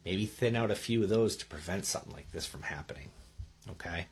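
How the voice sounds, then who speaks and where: A man talks through garden tips in a relaxed, instructional way, speaking into a microphone. His voice sits a bit low and has a husky edge. He keeps checking in with his listeners with a quick "okay?" or "right?". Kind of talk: casual instructional talk.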